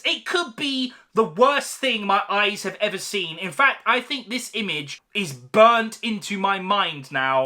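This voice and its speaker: A man ranting about a film, exasperated and mocking, with loud outbursts. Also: very high voice. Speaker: film reviewer.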